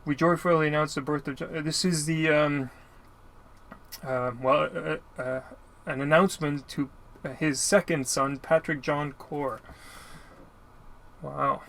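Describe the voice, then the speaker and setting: At a measured pace broken by long pauses, a Canadian man narrates opening his mail for YouTube. His voice is fairly high, a bit bright, and fairly even in intonation, and he rambles casually, full of filler and frequent apologies.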